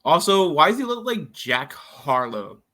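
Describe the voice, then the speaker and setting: A man's voice: a little high, sing-song, unhurried, sharp tone. A man co-hosting a podcast, chatting casually and tossing in joking interjections. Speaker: podcast co-host. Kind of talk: casual chat.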